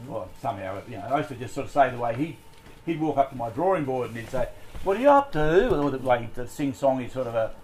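A man's voice: medium pitch, fast talker, a little mellow, a little hiss or hum, low-quality recording. A man leading a group Bible study, talking in a conversational way with many fillers and restarts.

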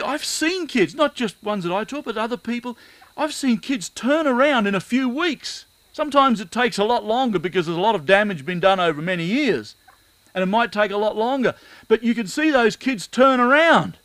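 This middle-aged man's voice is very high and fairly bright, captured on poor audio with no echo. He preaches a sermon and tells stories earnestly, repeating phrases for emphasis.

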